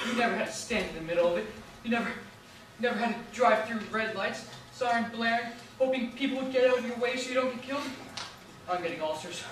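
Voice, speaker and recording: A teen actor playing a flustered bright-voiced cop. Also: male voice, extremely high pitch, quick pace, a little hiss or hum. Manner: blustering, flustered, rambling. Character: nervous blustering male city policeman. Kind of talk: high school stage play. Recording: echoey stage from far off.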